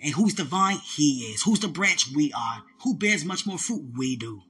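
Preacher for a fervent call-and-response sermon, with a bright, forceful tone that swings from high and loud to low and hushed. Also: expressive, normal speed, soft background music.

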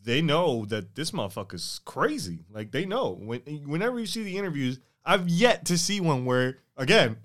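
A man's voice: fairly high pitch, sing-song, normal speed, few pauses, a bit bright. A man co-hosting a podcast in loose, profane, joking casual chat. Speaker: podcast co-host.

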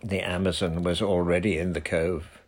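A man reading a children's novel aloud as narrator, lively and expressive. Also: sits low, normal speed.

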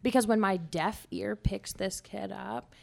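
A young woman co-hosting a podcast, telling a story in a casual, animated way with plenty of swearing. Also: mid-range voice, measured pace, vocal fry. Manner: animated, profane, lots of "okay?". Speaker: podcast co-host.

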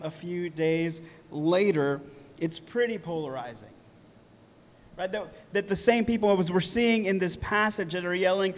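A man preaching a sermon in a relaxed, conversational way, often tagging points with "right?" and laughing lightly. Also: high voice, normal speed. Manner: casual, conversational preaching with many "right?" asides. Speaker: pastor. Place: church hall. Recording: long reverb of a church hall.

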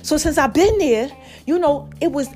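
A woman with a high voice tells a story to her viewers in a loose, chatty way. She talks with energy and emphasis and turns to her audience again and again. Soft music plays faintly behind her. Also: lively intonation, moderate pace. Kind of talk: casual storytelling to camera.

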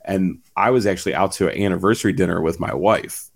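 Brief: deep-voiced man, casual rambling storyteller, heavy fillers, swears freely. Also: fast talker, vocal fry. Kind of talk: casual chat.

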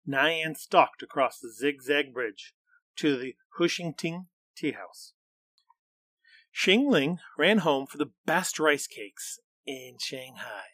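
A man reading a children's storybook aloud in a measured, expressive way. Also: a little high, no echo.

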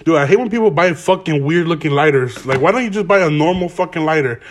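A man's voice: a little high, expressive, fast talker, a little hiss or hum. A young man hosting a casual solo podcast from home, rambling in profane slang while stoned and smoking. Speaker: podcast host. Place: home, garage.

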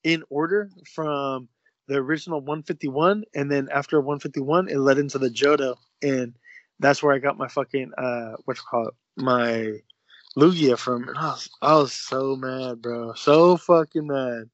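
A man's voice: mid-range voice, steady tone, moderate pace, dry recording, muffled recording. A young man co-hosting a casual podcast, telling a story with lots of swearing and acting out the dialogue he quotes. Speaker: podcast co-host. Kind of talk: casual chat.

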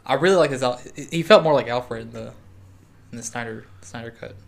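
A man's voice: medium pitch, a little fast, vocal fry. A man co-hosting a podcast, talking in an easygoing, laid-back way. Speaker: podcast co-host. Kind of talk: casual podcast banter.

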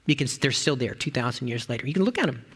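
A man preaching a sermon, telling a story, reading scripture slowly and solemnly, dropping soft and low on somber lines. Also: expressive, husky. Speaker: pastor.

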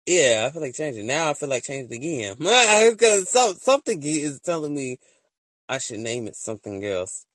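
A man hosting a casual solo podcast, rambling and excitable, full of slang and often laughing at his own stories. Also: a little high, moderate pace, no room sound. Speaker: podcast host.

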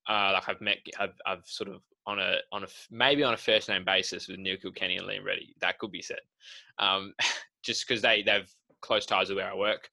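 Gravelly young man, rambling. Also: low voice, fairly even intonation, normal speed, sharp tone, rough recording. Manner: rambling storyteller, laughs mid-sentence. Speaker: podcast co-host. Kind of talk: casual chat.

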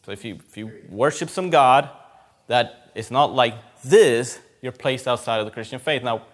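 A man preaching a sermon, emphatic, often repeating key phrases and swinging between loud and quiet. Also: medium pitch, moderate pace.

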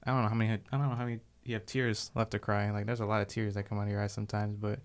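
A man's voice: on the low side, level tone, clear, resonant tone. A young man talking as a guest in a casual chat, earnest and filler-heavy. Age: young adult. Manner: quick and earnest, many fillers.

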